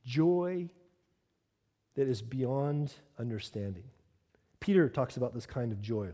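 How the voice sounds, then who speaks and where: A man's voice: mid-range voice, takes it slowly, warm tone. A man preaching a sermon as a pastor, moving between earnest teaching and casual conversational asides. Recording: long hall reverb.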